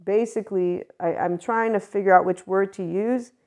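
A woman's voice: medium pitch, steady tone, moderate pace, a little mellow. A woman hosting a solo podcast, talking casually and bluntly, laughing often as she goes. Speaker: podcast host.

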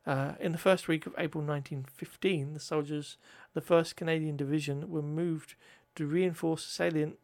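A man's voice: a little high, fairly even intonation, moderate pace, gravelly, hardly any pauses, a little mellow. A man reading history notes aloud, often stumbling over words, correcting himself and adding joking asides.

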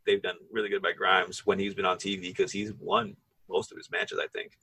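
A young man co-hosting a casual wrestling podcast, rambling excitedly and laughing often. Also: low-pitched, a little fast, husky, dry recording, rough recording. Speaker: podcast co-host.

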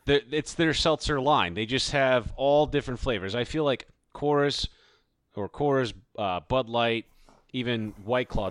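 A man's voice: medium pitch, a bit bright, dry recording. A man co-hosting a podcast, chatting about drinks in a laid-back, rambling way. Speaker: podcast co-host. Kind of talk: casual chat.

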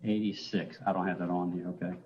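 A fairly low-voiced man chairs a council meeting, moving item by item through motions and objections at a measured, procedural pace. The sound is dull and lo-fi, like remote meeting audio. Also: level tone, darkish tone. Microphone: remote call-in audio.

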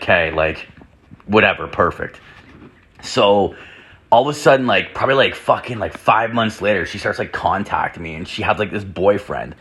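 A man's voice: low voice, fairly bright tone. A young man telling a crude story in a rambling monologue at home, full of "like" fillers and swearing, while drinking. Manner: rambling, heavy filler "like", profane. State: drinking whiskey. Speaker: podcast host. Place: home room with door open.

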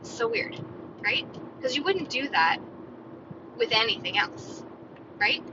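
A woman in her thirties rambles through a solo podcast, chatty and opinionated, her voice sitting a bit high. She is recorded on a dull, lo-fi phone mic. Clear traffic noise runs behind her. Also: very animated, slow, long pauses. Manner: chatty and opinionated, lots of "like" and "right?". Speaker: podcast host. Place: parked outdoors near a store parking lot, car or street sounds behind.

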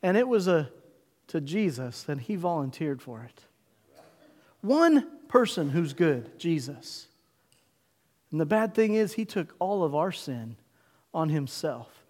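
A middle-aged male pastor preaching a sermon in a church, emphatic, with dramatic pauses and call-and-response. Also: fairly high pitch, expressive, a little mellow, big-room sound. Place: church sanctuary.

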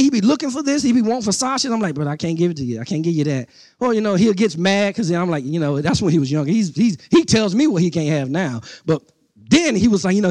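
Middle-aged pastor guy, really high voice, preaching all over the place, chatty asides then loud bursts. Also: dry recording, studio quality. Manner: animated preaching with rising outbursts and repeated phrases; conversational asides to the congregation. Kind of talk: sermon.

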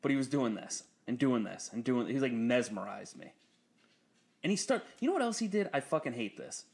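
A man's voice: medium pitch, brisk, creaky. Profane, storytelling young man. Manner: profane storytelling, laughs often, animated when quoting others. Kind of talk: casual chat.

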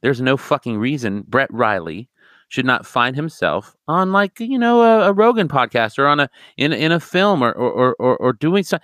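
A man's voice: mid-range voice, moderate pace, no room sound, clean studio sound. A man talking as a podcast guest in casual chat, profane and rambling as he tells stories. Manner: profane, rambling, animated storyteller.

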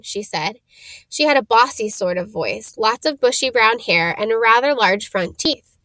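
A woman reads a storybook aloud in a steady voice, tripping now and then over hard names. Her voice sits a little high. The recording is close and dry. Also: normal speed, no echo. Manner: steady reading with small stumbles. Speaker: reader.

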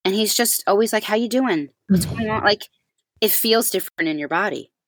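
A woman chatting on a talk show, telling a personal story in an animated way and acting out the quoted voices. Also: medium pitch, normal speed, slight background noise. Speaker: podcast co-host. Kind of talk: casual chat.

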